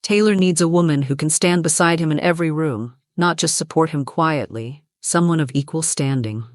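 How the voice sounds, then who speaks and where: A storyteller voicing a poised wealthy mother who speaks smoothly and coolly, in a dry recording. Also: mid-range voice, no room sound, lightly acted. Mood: condescending. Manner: smooth, measured. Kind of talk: storybook narration.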